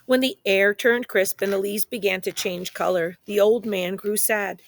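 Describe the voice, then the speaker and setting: A woman reading a children's picture book aloud in a playful, expressive way, speaking straight to young listeners. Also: medium pitch, normal speed, gravelly, no room sound. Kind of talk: children's story read-aloud.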